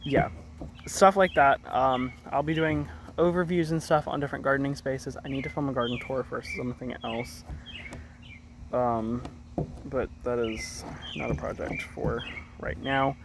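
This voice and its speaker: A man's voice: mid-range voice, fairly even intonation, moderate pace. A man giving a casual, rambling garden tour vlog, often correcting himself mid-sentence. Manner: rambling, self-correcting, chatty. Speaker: gardening vlogger. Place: outdoor garden. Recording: outdoor noise, sometimes far from mic. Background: birds and rural outdoor ambience.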